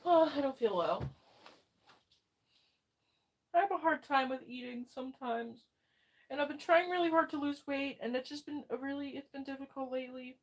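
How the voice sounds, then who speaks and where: Tearful, halting streamer woman. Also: high-pitched. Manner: halting, rambling, self-deprecating. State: close to tears. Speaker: livestreamer. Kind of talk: live chat reading and reply.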